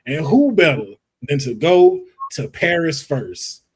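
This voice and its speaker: A man hosts a casual panel talk, reading out picks and keeping things moving. His voice sits a little high. He sounds lively and engaged. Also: takes it slowly, breathy edge. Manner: lively, introduces guests' picks. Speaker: podcast host.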